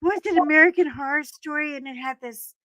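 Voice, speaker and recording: A woman's voice: high voice, fairly quick, a crowd in the background, poor audio. A woman chatting on a casual live stream who tells stories dramatically and laughs easily. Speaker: guest caller on a live stream.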